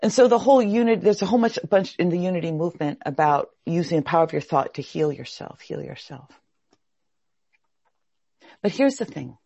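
A woman leads a group over a video call, her voice gravelly and a little husky and swinging widely in pitch. She keeps putting questions to the group. The sound is dry and somewhat dull. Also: brisk, dry recording. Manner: animated, asks the group questions. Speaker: workshop host.

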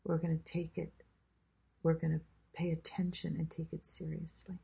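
Gravelly husky woman, calm workshop leader, kinda dull lo-fi sound. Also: deep voice. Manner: slow, soothing guidance. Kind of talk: guided meditation and group sharing.

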